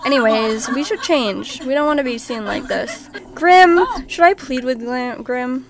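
A woman's voice: on the high side, moderate pace, creaky, crowd noise. A woman hosting a casual let's-play, chatting and reacting aloud to her game. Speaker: gaming channel host.

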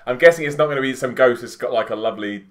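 A man's voice: medium pitch, racing. A man co-hosting a reaction channel, chatting casually and joking, laughing often. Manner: jokey, animated, laughs often.

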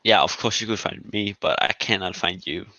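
A man's voice: low-pitched, moderate pace, sharp tone, highs cut off. A man hosting a casual live stream, talking in a laid-back way that leans on "literally" and long fillers.

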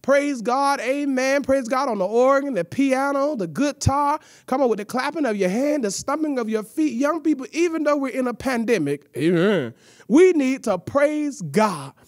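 A woman's voice: sits high, lively intonation, moderate pace, no room sound, studio quality. A woman hosting a church youth hour, out of breath, with exuberant call-and-response and playful teasing. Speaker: youth service host. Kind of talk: lively church show hosting.

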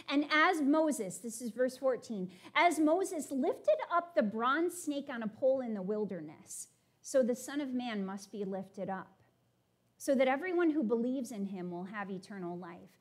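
A high-voiced woman delivers a sermon to her congregation, growing animated as she reads and paraphrases scripture.

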